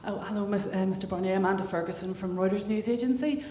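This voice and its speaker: A woman reporter asks a direct question quietly from the audience at a lecture. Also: quick pace. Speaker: news agency reporter. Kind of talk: question from the floor. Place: large lecture hall. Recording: distant, echoey hall with rumble.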